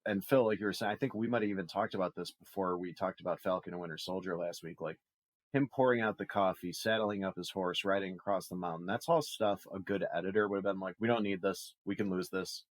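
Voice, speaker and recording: A man with a very low voice in casual podcast talk, wry and amused, laughing his way through his complaints. His voice sits close and dry on the mic. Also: steady tone, quick pace, dry recording. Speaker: podcast co-host. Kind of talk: casual movie review chat.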